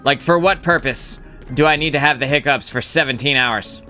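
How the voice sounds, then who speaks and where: A man's voice: mid-range voice, normal speed, bright, forceful tone, faint music behind. A man streaming a game live, rambling casually as he thinks aloud and swears now and then. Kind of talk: casual gameplay commentary.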